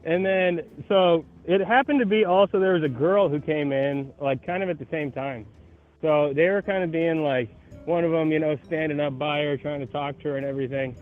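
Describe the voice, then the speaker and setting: A man's voice: on the high side, normal speed, soft background music. Chatty man calling in on a tinny phone line. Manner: animated, acts out the voices of people in his story. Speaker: caller. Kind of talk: casual phone-in storytelling. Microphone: phone call.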